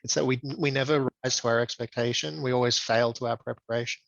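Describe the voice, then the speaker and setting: A man being interviewed as a guest, speaking in a reflective, measured way with frequent ums. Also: mid-range voice, steady tone, gravelly, fairly bright tone, dry recording, lo-fi sound. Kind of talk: conversational interview.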